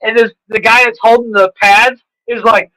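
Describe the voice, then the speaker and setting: Male podcast co-host, high and bright voice, laughing, joking banter. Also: steady tone, moderate pace, no room sound, poor audio.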